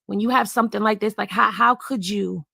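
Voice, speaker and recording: Earnest middle-aged woman with a gravelly voice. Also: mid-range voice, fairly even intonation, fairly quick, pushed and bright, dry recording. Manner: earnest and emotional, repeats herself for emphasis. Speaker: blogger. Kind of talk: candid livestream commentary.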